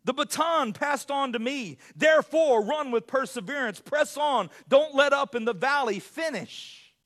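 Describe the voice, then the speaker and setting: A man preaching a sermon as pastor, animated, often stumbling over his words and restarting. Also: very high-pitched, measured pace. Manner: animated, self-correcting preacher with frequent restarts.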